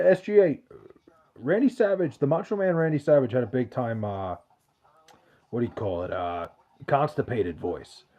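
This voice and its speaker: A man's voice: mid-range voice, lo-fi sound. Profane, joking male podcast host. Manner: loose, profane, joking banter. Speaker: podcast host answering chat questions. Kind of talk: casual chat.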